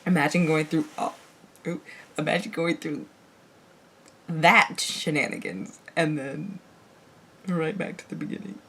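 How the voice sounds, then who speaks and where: A woman's voice: low-pitched, steady tone, unhurried, long pauses, background noise. A woman hosting a reaction video, chatting casually and bluntly with some swearing, with the show's audio playing behind her. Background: TV episode audio and music playing.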